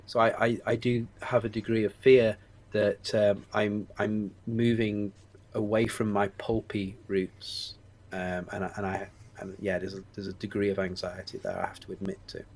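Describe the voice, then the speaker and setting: A fairly low-pitched man in his forties keeps a level tone and moderate pace while giving a frank interview. He's an English screenwriter and producer with a Stoke-on-Trent accent, thoughtful but halting, frequently beginning again.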